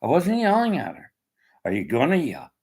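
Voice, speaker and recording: A man's voice: mid-range voice, huge pitch swings, moderate pace, a little mellow, husky, low-quality recording. An older man, delivering an agitated, profane personal rant in a blunt way. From Canada.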